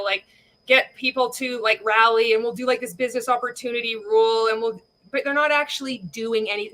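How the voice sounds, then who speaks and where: A woman's voice: on the high side, sharp tone. A woman content creator delivering an angry, sweary, sarcastic rant to camera. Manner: angry, sweary, sarcastic, mock-quoting others. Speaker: anti-MLM content creator.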